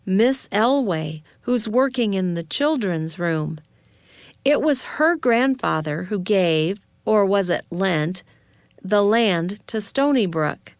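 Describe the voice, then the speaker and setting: A woman voicing an excited teenage girl spinning a theory, eager and conspiratorial, in a smooth, unhurried read. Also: mid-range voice, no room sound.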